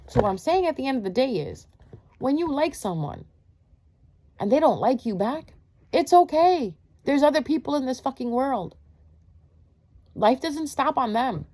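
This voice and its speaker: A tarot reader with a slightly high, darkish voice talks casually to her viewers. She's blunt and preachy, curses freely, and keeps throwing out rhetorical questions surrounded by fillers.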